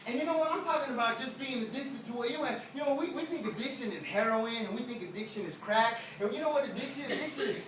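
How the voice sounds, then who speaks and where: A male evangelist delivers a chatty, joking sermon, circling back and repeating phrases as he preaches. He is picked up from far off in a very echoey church. Steady noise hums behind him. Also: very high-pitched, fast talker, hardly any pauses. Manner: conversational, joking, repetitive preaching. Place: church sanctuary.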